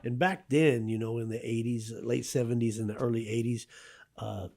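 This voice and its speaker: Gravelly man in his fifties, radio interview guest, animated storyteller. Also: medium pitch, moderate pace, a little hiss or hum. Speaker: guest author.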